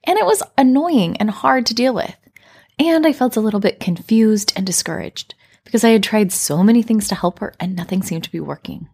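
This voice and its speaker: A woman hosting a parenting podcast, telling a story and explaining in a calm, reflective scripted way. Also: mid-range voice, brisk, slightly rough. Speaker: podcast host.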